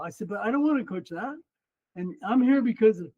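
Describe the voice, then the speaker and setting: A man's voice: high voice, a little fast, lo-fi sound. A man in his seventies, a former runner and coach, telling a story in an interview and acting out the other people in it. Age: 70s. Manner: animated, acts out quoted voices.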